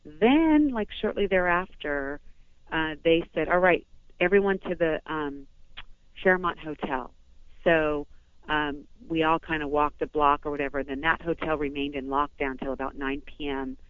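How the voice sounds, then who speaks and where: A woman from Southern California calls in and gives her account in a rush, doubling back and restarting her sentences. Her voice comes through a thin, tinny phone line. There is no room sound at all, just a flat, close signal. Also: low-pitched, unhurried, no echo. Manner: rambling, breathless retelling with many restarts. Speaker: phone-in guest. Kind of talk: emotional first-person account. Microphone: telephone.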